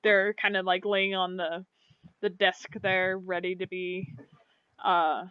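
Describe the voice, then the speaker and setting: A woman running a tabletop game as game master, talking in a halting way. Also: on the low side, flat delivery, clear, resonant tone, no room sound, muffled recording. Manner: halting, many fillers.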